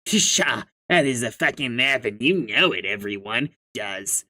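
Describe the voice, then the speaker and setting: A man's voice: mid-range voice, expressive, measured pace, pushed and bright, exaggerated voice. A man reading aloud as a pushy, profane young sea troll with schemes of his own, speaking in a mocking tone. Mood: scornful.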